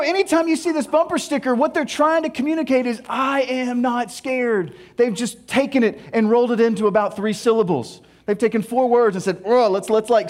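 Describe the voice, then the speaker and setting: A male pastor preaching a sermon in an animated, storytelling way, laughing at himself along the way. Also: sits high.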